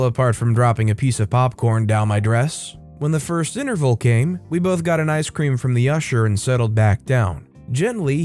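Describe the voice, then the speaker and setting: A man reading a first-person story aloud in scripted storytime narration, measured and expressive. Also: mid-range voice. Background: faint background music.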